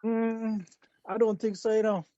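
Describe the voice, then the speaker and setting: A man's voice: high voice, flat delivery, unhurried, warm tone, dry recording, muffled recording. A Jamaican man who is a guest on a podcast, talking in an easygoing way. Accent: Jamaican patois. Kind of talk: casual chat.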